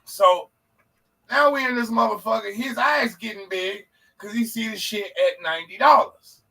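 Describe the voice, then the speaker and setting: A man co-hosting a podcast, telling a profane, animated story in casual chat and acting out the people in it. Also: sits high, moderate pace, vocal fry, far from the mic, rough recording. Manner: animated, profane, acts out quoted voices. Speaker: podcast co-host.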